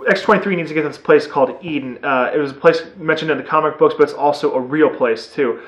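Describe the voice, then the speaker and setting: A man giving a casual, excitable movie review, rambling with lots of fillers. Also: fairly high pitch, fast talker, echoey room.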